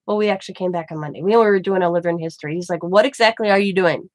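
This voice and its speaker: A middle-aged woman at a medium pitch tells a long personal story in a casual, rambling way and acts out each exchange in the dialogue. She is recorded close to the mic in a dry space with no room echo. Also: very fast. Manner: rambling, animated retelling with quoted dialogue. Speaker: craft channel host.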